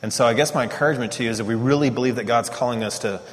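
A middle-aged man giving a casual teaching talk on parenting, animated and self-mocking. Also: medium pitch, very fast, big-room sound. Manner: animated storytelling, laughs at himself.

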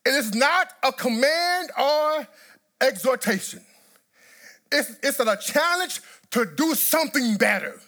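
A man's voice: very high-pitched, lively intonation, a little slow, pushed and bright. A male pastor preaching a sermon, passionate and emphatic, often repeating words as he builds to a point. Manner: impassioned preaching with repetitions and sudden emphatic bursts.

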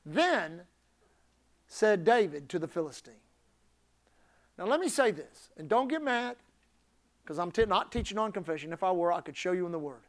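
A male pastor preaching a sermon emphatically, building up to shouted climaxes. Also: sits high, sing-song, moderate pace, long pauses.

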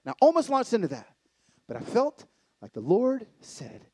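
A man in middle age tells a story as a sermon at a live event. His voice sits high and leaps all over, jumping from excited bursts to soft, near-whispered lows. The sound is dry and close. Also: moderate pace, breathy edge, no echo. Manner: swings between excited loud bursts and hushed intimate lows. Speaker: conference speaker.

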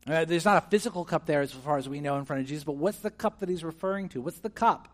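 A man delivering a sermon in a voice pitched a little above the usual male range. He moves between quiet, inward phrases and loud, emphatic ones. He puts questions to his congregation and acts out the voices he quotes. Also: fast. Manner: animated, swings between hushed and emphatic. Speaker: pastor. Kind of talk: preaching a sermon.

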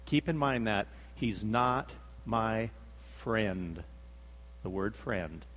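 A man's voice: lowish voice, lively intonation, extremely slow, fairly bright tone, in a large hall, slight background noise. A man preaching a sermon, telling the story dramatically, acting out the quotes and repeating himself for emphasis.

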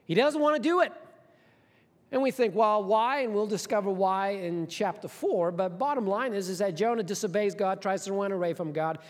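A man preaching a sermon as a pastor, telling a story in an animated, conversational way with asides to the congregation. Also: a little high, long reverb tail.

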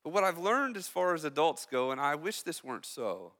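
In a church hall, a young student pastor gives a chatty, joking sermon, frequently tossing quick asides to those present. He speaks in a sing-song manner with a slightly high, bright, crisp voice, trailed by the hall's long reverb.

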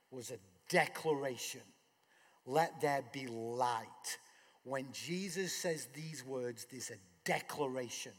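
A man's voice: fairly high pitch, fairly bright tone, slightly rough, in a large hall. A man preaching a sermon in a conversational way, asking rhetorical questions. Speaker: pastor.

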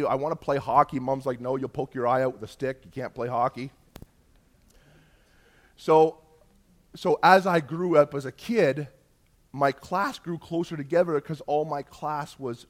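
A middle-aged man from Canada, telling a personal testimony as a story and acting out the dialogue with jumps in pitch and loudness. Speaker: speaker sharing a personal testimony.

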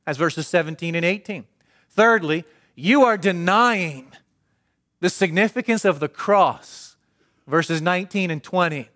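A man preaching a sermon, asking the congregation questions and answering them himself, swinging from emphatic to hushed. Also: high voice, a little slow.

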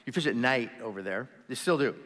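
A man preaching a sermon as pastor, telling the story in a relaxed, chatty way with asides and quick voices for the people in it. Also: mid-range voice. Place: church sanctuary. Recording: long reverb of a large hall.

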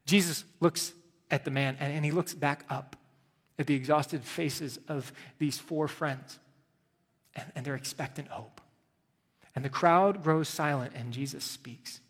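A somewhat high-voiced male pastor preaching in a church. He tells the story dramatically, dropping to a hush and then rising loud. His voice rings with a long reverb through the sanctuary. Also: a little slow, slightly rough. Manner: dramatic storytelling, swings between hushed and loud. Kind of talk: sermon.

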